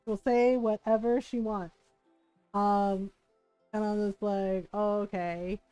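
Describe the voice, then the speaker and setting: This woman, from a Filipino family, takes it slowly as she chats through family stories during a gaming stream, laughing and animatedly voicing her relatives. Her mid-range voice is smooth, though the recording is rough, with soft music behind her.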